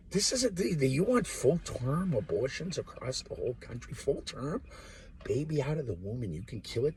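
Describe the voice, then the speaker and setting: A man's voice: fairly high pitch, a little hiss or hum. A man talking off the cuff in a rambling monologue, profane and jumping from one topic to the next. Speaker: vlogger.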